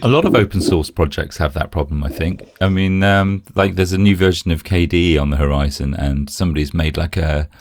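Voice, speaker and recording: Deep-voiced man rambling in tech chat. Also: fairly quick, few pauses, dry recording, clean studio sound. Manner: rambling, self-correcting. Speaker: podcast co-host.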